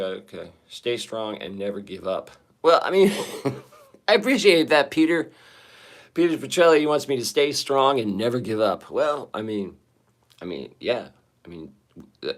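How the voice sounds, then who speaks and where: A man's voice: mid-range voice, fairly bright tone. A man in his forties hosting a casual livestream chat, rambling along with wry, self-mocking humor. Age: 40s. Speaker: livestream host.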